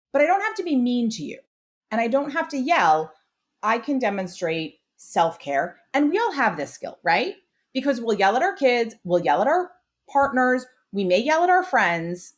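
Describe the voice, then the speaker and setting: A woman hosts a parenting podcast and lays out her advice in an earnest, explanatory way. Her pitch moves in a lively way. She pushes hard on the points she wants to land. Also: normal speed. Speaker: podcast host and parenting expert. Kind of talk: conversational advice.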